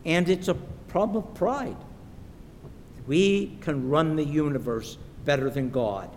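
Slow, emphatic man preaching in a hall. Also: animated, darkish tone. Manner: slow and emphatic, acts out quoted voices. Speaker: pastor. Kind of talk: sermon. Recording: echoey hall with faint rumble.

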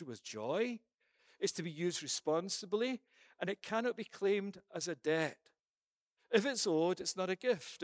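A man's voice: sits high, no echo, clean studio sound. A man preaching a sermon and then leading a prayer, emphatic, with rhetorical questions and repeated phrases.

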